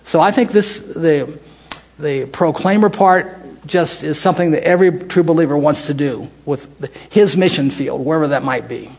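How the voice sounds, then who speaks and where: At normal speed, an older man from the United States speaks in a slightly high, creaky voice with a darkish tone. Leading a Bible study informally, he chats, restarts phrases, and asks the group questions.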